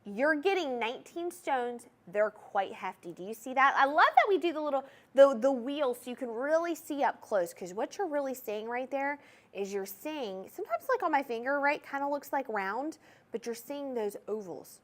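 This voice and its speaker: A woman's voice: high voice, lively intonation, moderate pace. A young woman with a Southern US accent, hosting a TV jewelry shopping show in a bubbly, chatty, salesy manner. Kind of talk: TV shopping presentation.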